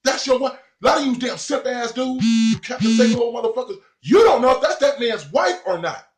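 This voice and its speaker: A man's voice: very high-pitched, animated, brisk. A man ranting in heated, profane commentary, talking to his viewers. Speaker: vlogger. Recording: echoey room.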